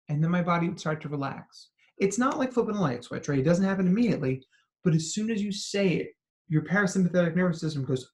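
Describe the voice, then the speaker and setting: A man, a psychologist, giving an animated talk to parents and educators, telling stories and asking questions. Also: sits high, quick pace. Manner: animated storytelling with acted quotes and asides. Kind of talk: expressive talk to an audience.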